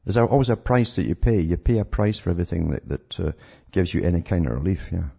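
A very deep, gravelly male radio host rants in an indignant, rambling way, stumbling over repeated words. His husky, mellow voice comes through a dull, lo-fi radio recording. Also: lively intonation, fast. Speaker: radio talk show host. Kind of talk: call-in radio commentary.

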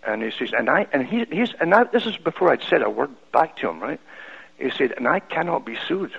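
Gravelly Scottish man, animated, lo-fi radio. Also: mid-range voice, a little fast. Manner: animated, with many restarts. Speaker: radio guest. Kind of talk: telling a personal story. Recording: lo-fi radio broadcast.

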